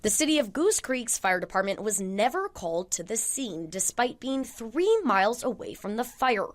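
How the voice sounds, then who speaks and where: A woman reporter narrating a news investigation in a measured, formal delivery. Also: a little high, sing-song. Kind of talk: scripted news narration and interview questions.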